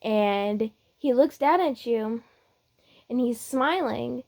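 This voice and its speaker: Slow, chatty woman telling a story. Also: a little high, vocal fry, darkish tone. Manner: unhurried, chatty, with fillers. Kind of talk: casual reader-insert story narration.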